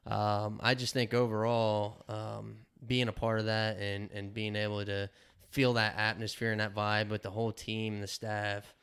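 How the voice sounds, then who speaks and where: Former coach, man, slightly low pitch, smooth resonant voice, earnest with halting repeats. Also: level tone, a bit bright. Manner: earnest, repeats words while thinking. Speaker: guest, former football coach. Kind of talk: casual interview answers.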